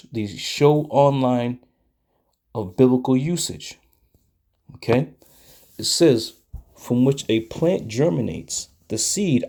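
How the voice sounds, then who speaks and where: A man teaching a Bible study lesson in a deliberate way, often pausing to check in with his listeners. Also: mid-range voice, gravelly, darkish tone.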